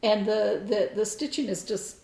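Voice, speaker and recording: A woman's voice: mid-range voice, moderate pace, vocal fry, darkish tone, distant mic. A woman co-hosting a casual crafting chat, wry and matter-of-fact about her own work. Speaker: podcast co-host. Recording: roomy echo.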